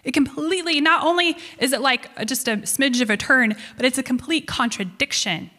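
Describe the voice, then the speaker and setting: Bright-voiced woman giving a chatty sermon. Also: sits high, a little fast, in a large hall. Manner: conversational, with rhetorical "right?". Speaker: speaker at a faith gathering. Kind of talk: sermon with a book reading. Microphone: handheld microphone.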